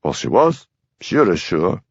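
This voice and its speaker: A man doing a quiet Highland sergeant. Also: huge pitch swings, a little slow, vocal fry, slightly rough, no echo, highs cut off, full character voice. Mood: gentle. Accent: Scottish Highland. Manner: quiet, gentle, persistent. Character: calm, stubborn Highland police sergeant man.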